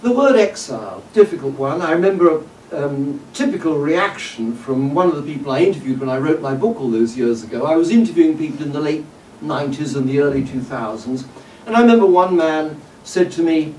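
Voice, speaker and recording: A man giving a public lecture in a hall, measured and discursive, with frequent "uh" and "um" and occasional wry asides. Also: on the high side, lively intonation, a little mellow. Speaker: guest lecturer. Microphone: distant room mic. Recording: roomy hall audio from a distance with faint background noise.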